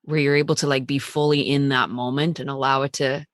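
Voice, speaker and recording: A woman co-hosting a podcast, thinking aloud in a measured way and laughing easily. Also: a bass voice, flat delivery, no echo, clean studio sound. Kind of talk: casual chat.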